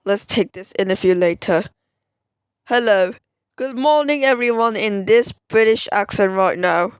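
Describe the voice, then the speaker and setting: A woman's voice: mid-range voice, fairly even intonation, normal speed, smooth, dry recording, pitched below the performer's own voice, lightly acted. A woman as a chirpy friendly interviewer. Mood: questioning. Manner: cheery, teasing questions. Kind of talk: fan voice-over dub.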